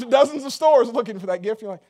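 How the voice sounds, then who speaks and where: A man's voice: very high voice, dark tone. A man preaching a sermon in a loose, conversational way, joking and full of fillers. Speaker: pastor.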